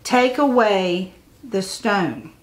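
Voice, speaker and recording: A woman reading the part of a calm, kind male teacher in a children's story, speaking slowly and reassuringly. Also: mid-range voice. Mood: gentle.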